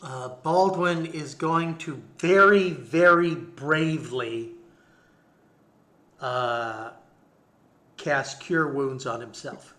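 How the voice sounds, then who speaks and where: A man playing in a tabletop game, chatting casually and hesitantly, with drawn-out fillers. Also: fairly high pitch, pushed and bright. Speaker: player.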